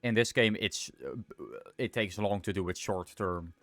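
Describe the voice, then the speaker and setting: Man, young adult, very deep voice, casual gameplay commentary, rambling, self-correcting. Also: normal speed, a bit bright, no room sound, soft background music. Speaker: livestreamer.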